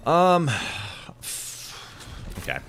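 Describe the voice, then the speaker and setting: A man streaming a video game, chatting casually with his viewers in a relaxed way, swearing and repeating himself. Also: medium pitch, very slow, husky. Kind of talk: casual chat with viewers while gaming.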